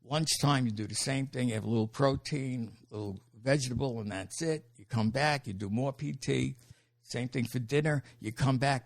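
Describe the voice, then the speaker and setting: With a gravelly, medium-pitched voice, an older comedian from New York recounts profane stories during a laid-back interview. He animatedly acts out the characters and their quotes, cursing freely.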